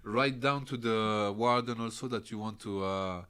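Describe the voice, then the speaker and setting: A man's voice: on the low side, normal speed, bright, forceful tone, clear, resonant tone. A man with a French accent telling a story as a podcast guest, laughing often and swearing freely while he acts out other people's lines. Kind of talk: animated storytelling.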